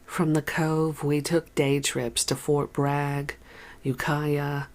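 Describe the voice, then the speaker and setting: A soft-spoken reader narrates a first-person memoir aloud at a slow, measured pace. The voice stays at a mid pitch with an unhurried, even delivery. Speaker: audiobook reader.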